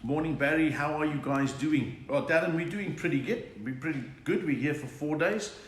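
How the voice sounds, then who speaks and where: A man's voice: on the high side, moderate pace. An older South African man, a comedian, telling jokes and reading viewer comments in a live chat from home. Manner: chatty, joke-telling, reads out viewer comments. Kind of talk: live-streamed stand-up chat. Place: home room during lockdown. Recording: echoey room.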